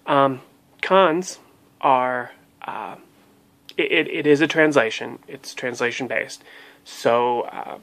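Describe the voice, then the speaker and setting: Halting man reviewing a language course. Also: medium pitch, fairly bright tone. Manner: halting, many fillers and restarts. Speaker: language learning blogger. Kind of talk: casual spoken review.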